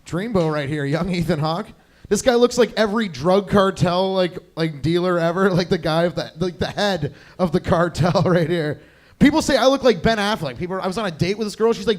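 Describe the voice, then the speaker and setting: A man's voice: high-pitched, fairly quick. A young man doing a crude, rambling stand-up set, chatting with the crowd on a club stage. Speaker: stand-up comedian.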